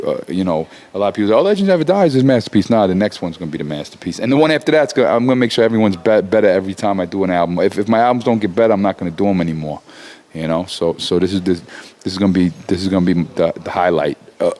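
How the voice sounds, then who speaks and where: Profane, animated man, low voice. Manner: animated, swearing, many restarts. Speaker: rapper, guest. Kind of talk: profane casual interview talk.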